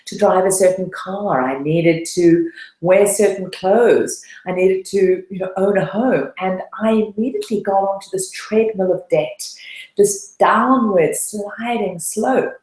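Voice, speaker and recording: A woman's voice: mid-range voice, unhurried, a little mellow, reverberant, low-quality recording. A woman coach giving a webinar talk, telling her own story in an earnest, personal way. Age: adult, past her late twenties. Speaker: debt-freedom coach.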